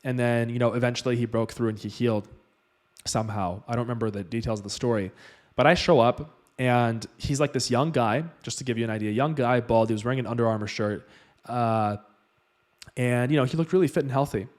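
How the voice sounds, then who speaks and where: A man's voice: medium pitch, brisk. A man vlogging, retelling a personal story in loose, casual speech full of "like" and "you know".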